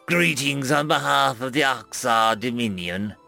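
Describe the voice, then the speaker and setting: A man voicing a menacing alien chief hunter with a throaty, croaking voice and cold, formal courtesy. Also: medium pitch, unhurried, sharp tone, faint music behind. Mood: coldly polite.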